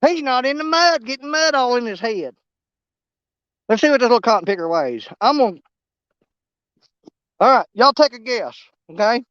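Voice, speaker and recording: A man narrating a fishing trip on a snowy riverbank in a folksy, excitable way, talking straight to his viewers. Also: very high voice, moderate pace, long pauses, clear, resonant tone, no room sound, lo-fi sound. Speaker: fishing vlogger. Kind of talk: casual outdoor commentary.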